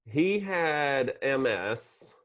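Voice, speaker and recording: A man in his sixties, a psychiatrist guest chatting in an interview with dry, deadpan humor. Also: medium pitch, very slow. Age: 60s. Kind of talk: casual interview conversation.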